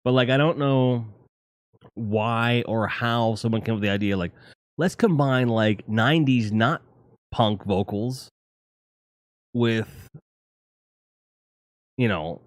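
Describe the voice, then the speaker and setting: A man with a lowish voice rambles through a casual live stream, swearing freely and tossing out animated opinions. The sound is dry and close, with little room around it. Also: measured pace, pauses often, dry recording. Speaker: streamer host.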